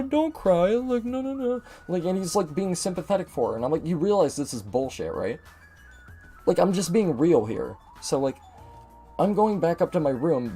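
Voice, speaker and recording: Brief: young male gaming host, mid-high voice, mellow timbre, venting his frustration with lots of swearing. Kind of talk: ranting commentary over gameplay.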